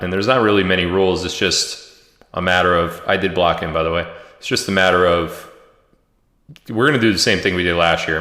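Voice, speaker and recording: A man hosting a casual livestream at home, joking and reading viewer comments and shout-outs aloud. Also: sits low. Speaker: livestream host. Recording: echoey room with long reverb.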